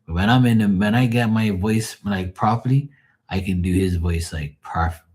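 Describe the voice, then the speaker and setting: A man's voice: fairly low pitch, moderate pace, a little mellow, breathy edge. A man chatting casually on a live stream, telling rambling stories with lots of swearing and chuckles. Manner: profane, storytelling, chuckling.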